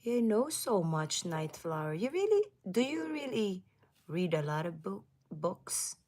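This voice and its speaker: A woman hosting a casual livestream, chatting with viewers, laughing often and sometimes dropping into a soft whisper. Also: medium pitch, very animated, unhurried. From United States. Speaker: livestream host.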